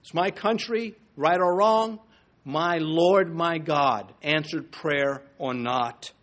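A man delivering a sermon with earnest conviction. His voice sits a little high for a man, and he builds through emphatic repeated phrases, now and then pausing mid-thought to start again. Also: a bit bright. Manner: earnest, rises to emphatic repetitions. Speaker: preacher.

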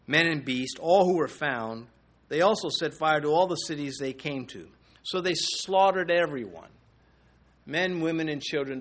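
A middle-aged man with a medium, slightly bright voice teaches through a Bible passage verse by verse. He reads scripture aloud and comments conversationally, with fillers and little chuckles.

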